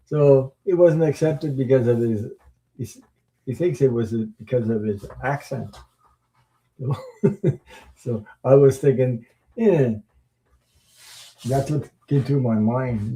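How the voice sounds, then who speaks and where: Gravelly, dark-voiced man chatting with viewers. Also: medium pitch, low-quality recording. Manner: rambling, halting, with frequent fillers and chuckles. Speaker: tarot livestream host. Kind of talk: casual livestream chat reading viewer comments.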